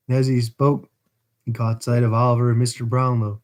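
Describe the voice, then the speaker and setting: A man reading a classic novel aloud at a steady pace on a livestream. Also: medium pitch, a little fast. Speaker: livestream book reader.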